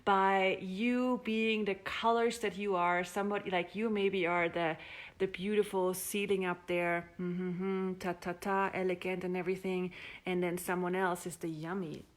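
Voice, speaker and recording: Woman, playful, animated, acts out voices, live stream from a castle suite. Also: lowish voice, a little slow. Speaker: host. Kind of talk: casual live-stream talk.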